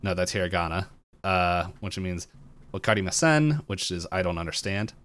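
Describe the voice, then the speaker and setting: Lowish-voiced guy on a podcast, recapping episodes, laughing a lot and doing quick character bits. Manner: animated retelling, acting out quotes with laughs. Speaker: podcast co-host.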